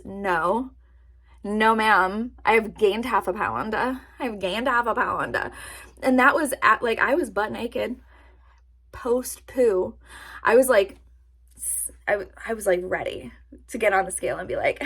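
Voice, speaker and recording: Husky-voiced woman vlogging, self-mocking. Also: medium pitch, moderate pace. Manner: animated, self-mocking, laughs at her own jokes. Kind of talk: casual chat to camera. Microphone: camera-mounted or nearby mic, sitting to film.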